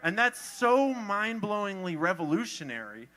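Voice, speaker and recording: A man's voice: sits high, sing-song, normal speed, crowd noise. A man in casual live-stream chat, rambling and profane.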